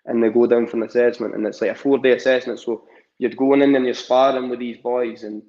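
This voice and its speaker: Young Scottish male guest, casual, rambling, mid-pitched, muffled audio. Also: flat delivery, brisk, mellow. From Scotland. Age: young adult. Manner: rambling, many fillers and restarts. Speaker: amateur boxer, guest. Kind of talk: casual interview chat.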